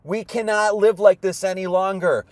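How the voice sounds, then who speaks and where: A man's voice: high voice, fairly even intonation, normal speed, no echo, lightly acted. A man voicing an urgent, pleading prisoner. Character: desperate male prisoner pleading with crowd.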